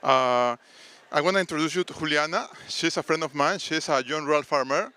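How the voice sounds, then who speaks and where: A man from Peru, a startup founder giving a conference pitch with many hesitations and restarts. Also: fairly quick, sharp tone, smooth. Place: conference stage.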